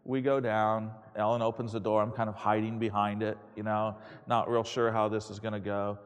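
Self-mocking preacher in an echoey hall. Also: male voice, on the low side, normal speed, clear, resonant tone. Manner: candid, self-mocking, animated. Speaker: pastor. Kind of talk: storytelling sermon. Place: chapel.

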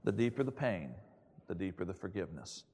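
A middle-aged man preaching a sermon, telling a personal story in a candid, self-mocking and animated way. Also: low-pitched, brisk, husky. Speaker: pastor. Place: chapel. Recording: echoey hall reverb.

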